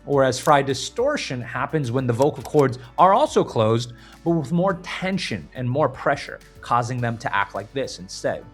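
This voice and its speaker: A man teaching a scream-technique lesson, explaining clearly and stopping now and then to demonstrate screams. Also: medium pitch, big pitch swings, normal speed, faint music behind. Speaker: vocal coach. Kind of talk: instructional video lesson.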